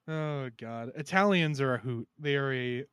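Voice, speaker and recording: A man's voice: mid-range voice, moderate pace, fairly bright tone, clean tone, dry recording, studio quality. A young man co-hosting a comedy podcast, joking and laughing often as he slips into mock mobster voices. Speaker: podcast co-host. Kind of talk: comedic improv banter.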